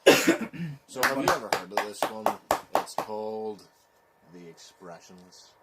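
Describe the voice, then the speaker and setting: A man with a Belfast accent, telling a scary story in slow, rambling casual chat, with "so it is" tags. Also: on the low side, lively intonation, very noisy. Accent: Northern Irish, Belfast.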